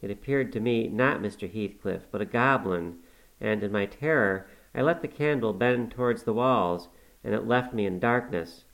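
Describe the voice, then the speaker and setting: A man reads a classic novel aloud at a measured, unhurried pace. His voice sits on the low side and slows for descriptive passages. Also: gravelly, a bit bright, low-quality recording. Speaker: audiobook narrator.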